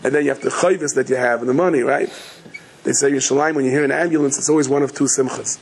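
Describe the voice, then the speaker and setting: A middle-aged man giving a sermon as a rabbi, telling stories in a rapid, chatty, joking way. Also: mid-range voice, fairly even intonation, creaky, slightly rough, rough recording. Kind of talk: sermon with humorous storytelling.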